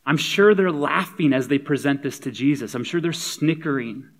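A man's voice: a little high, moderate pace. A man preaching a sermon as a pastor. He is conversational and humorous, and he builds to emphatic points.

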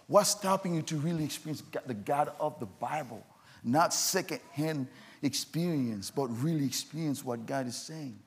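A man's voice: fairly high pitch, animated, normal speed, breathy edge. A man preaching a sermon as pastor, repeating insistent questions to the congregation.

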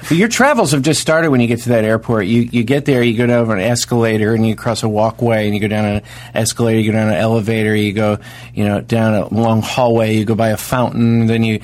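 A man co-hosting a comedy podcast, telling rambling deadpan stories and acting out the people in them. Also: fairly low pitch, fast talker. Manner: deadpan rambling storyteller, acts out quotes. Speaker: podcast co-host.

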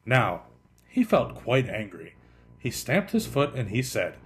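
A man hosting a podcast, reading a children's picture book aloud in an expressive way that slows down for effect. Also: medium pitch. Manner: expressive, lively, slowing for effect.

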